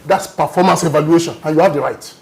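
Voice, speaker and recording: A man holding forth on a panel, pressing his points in a lecturing tone. His voice sits a little higher than most men's, and he keeps asking whether his listener understands. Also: fast talker, creaky, darkish tone, a little hiss or hum. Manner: emphatic, lecturing, repeats "you understand?". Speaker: panel guest. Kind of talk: heated panel debate.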